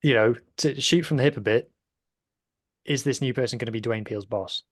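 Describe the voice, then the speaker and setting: A man's voice: mid-range voice, a little fast, no room sound, studio quality. A man on a podcast panel, talking in a chatty, rambling way and leaning on "like". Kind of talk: casual podcast chat.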